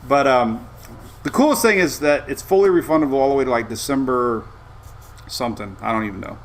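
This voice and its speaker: A middle-aged man hosting a casual live weather show, rambling and easygoing with excitable asides. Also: mid-range voice, a little fast, a little hiss or hum.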